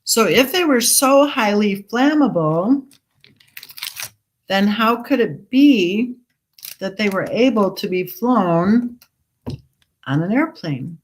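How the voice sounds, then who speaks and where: A woman's voice: medium pitch, expressive, slow, pauses often. A woman hosting a casual true crime livestream, reading viewer comments aloud and questioning the story, talking while she eats. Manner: skeptical, questioning. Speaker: true crime channel host.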